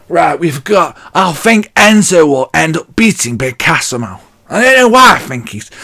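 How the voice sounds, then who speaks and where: A man's voice: high voice, fairly bright tone. A man ranting bluntly and mockingly in a casual wrestling vlog, hot and sweaty as he talks. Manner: blunt, mocking, laughs at his own jokes. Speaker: wrestling vlogger.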